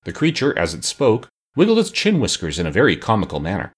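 A man reading a children's classic aloud as an audiobook narrator, animated and expressive. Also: on the low side, fast talker, breathy edge. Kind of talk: scripted narration.

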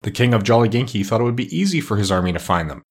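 A man narrating a children's storybook aloud at a steady, unhurried pace. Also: fairly low pitch, breathy edge. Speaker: audiobook narrator.

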